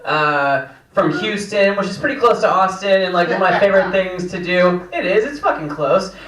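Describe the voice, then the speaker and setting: A man's voice: high voice, lively intonation, normal speed, a bit bright. A man from Texas hosting a comedy night with loose, wry banter in a small cafe room. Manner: loose, wry, filler-heavy. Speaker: comedy show host. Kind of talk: stand-up host banter. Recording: roomy, distant mic.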